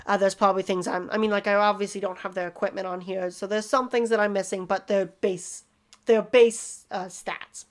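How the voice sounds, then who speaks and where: A woman casually explaining tabletop game character tips in a rambling, self-deprecating way. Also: medium pitch.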